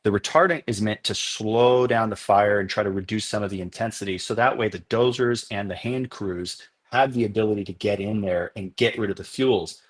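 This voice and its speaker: Man, low voice, husky, long explanations, podcast guest. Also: fairly quick, few pauses. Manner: explains at length, animated storytelling. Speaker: documentary filmmaker guest. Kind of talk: podcast interview.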